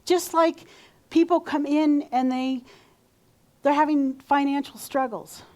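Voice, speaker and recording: A woman's voice: high voice, steady tone, takes it slowly, darkish tone. A woman minister giving a sermon in a conversational way, sometimes acting out how people talk to themselves. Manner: conversational, acts out quoted self-talk.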